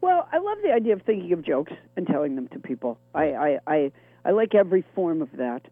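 A middle-aged woman comedian with a deep, gravelly voice and a chronic cough, chatting in a wry, rambling, self-deprecating way as an interview guest. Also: big pitch swings, a little fast, dry recording. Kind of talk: phone interview chat. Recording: tinny phone line.

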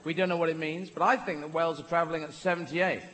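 A man's voice: fairly high pitch, steady tone, quick pace. Playful rambling male stand-up comic. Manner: rambling, playful, self-interrupting. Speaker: stand-up comedian. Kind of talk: stand-up comedy routine. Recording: live hall with audience noise.

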